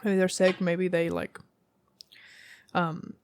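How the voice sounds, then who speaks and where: A woman's voice: on the low side, level tone, slow pace, a little mellow, smooth, no echo. A woman giving a casual tarot reading to camera, rambling and thinking aloud with many fillers. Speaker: tarot reader.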